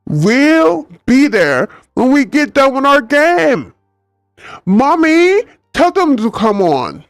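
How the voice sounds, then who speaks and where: A man's voice: extremely high pitch, wildly swooping pitch, takes it slowly, no echo, clean studio sound, faint music behind, pitched above the performer's own voice, full character voice. A man voicing whiny young boys protesting about chores.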